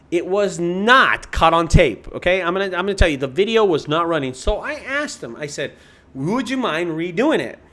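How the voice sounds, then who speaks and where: A man's voice: mid-range voice, fairly bright tone. A man, the owner of a junk removal business, chatting loosely with his livestream viewers. He swears a lot, rambles and often restarts his sentences. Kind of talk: casual livestream chat with viewers.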